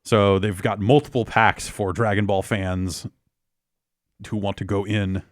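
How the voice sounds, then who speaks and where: A man's voice: lowish voice, little pitch movement, a little slow, no room sound, clean studio sound. A man co-hosting a casual podcast chat, blunt and wry, swearing freely. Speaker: podcast co-host.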